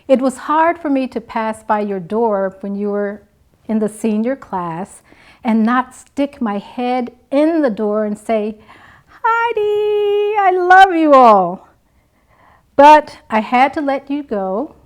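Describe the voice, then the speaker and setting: A woman nursing instructor giving a graduation address with slow, emphatic, call-and-response delivery. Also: medium pitch, a little mellow.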